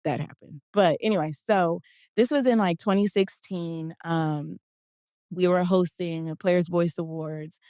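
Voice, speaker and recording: A woman from Philadelphia, a guest telling an animated story in a casual interview and acting out the quotes. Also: on the low side, measured pace, clean tone, no room sound, studio quality. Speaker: guest, basketball players' union director.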